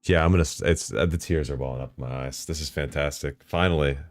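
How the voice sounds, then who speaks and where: A man live-streaming, talking casually to himself and his chat while setting up software, swearing and bursting into excited outbursts. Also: extremely low pitch, fast talker, dry recording.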